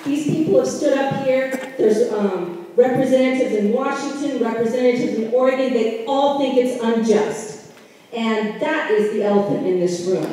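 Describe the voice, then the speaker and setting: A woman speaking up at a community meeting, heated and indignant, her voice rising toward shouting. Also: sits high, normal speed, slight background noise. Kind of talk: impassioned public comment. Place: large community meeting hall. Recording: echoey hall recorded from far off.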